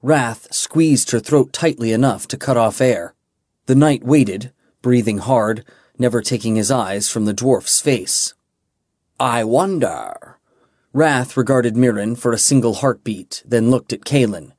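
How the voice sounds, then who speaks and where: A male audiobook narrator reading a fantasy novel in a measured, dramatic way. His pace is slow and deliberate at a middle pitch. The recording is close and dry. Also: darkish tone, no echo. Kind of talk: scripted narration.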